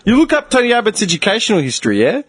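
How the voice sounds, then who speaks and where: Male podcast co-host, animated ranter, slightly high voice, dry mic. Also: very fast, breathy edge, dry recording. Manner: animated, swearing, laughs often. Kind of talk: casual chat.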